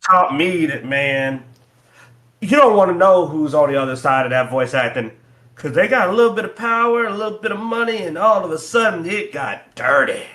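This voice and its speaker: Bright-voiced man telling stories animatedly. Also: a little high, normal speed. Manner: animated storytelling, laughing often. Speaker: co-host. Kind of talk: casual chat on a livestreamed show.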